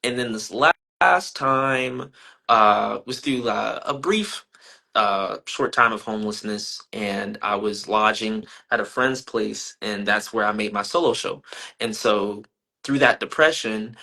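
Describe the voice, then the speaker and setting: A young man, an artist being interviewed, giving earnest, thoughtful answers that turn animated when he tells stories. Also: lowish voice, measured pace, gravelly.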